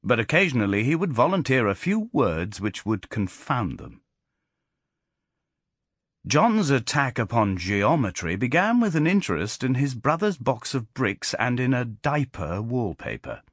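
A man narrating a literary audiobook in a measured, expressive storytelling manner. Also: medium pitch, slightly rough, no echo, clean studio sound.

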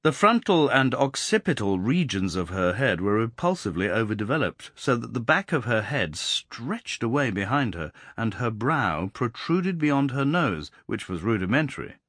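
A man narrating a novel in the first person, in a measured, expressive reading. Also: mid-range voice, no echo, clean studio sound. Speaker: audiobook narrator.

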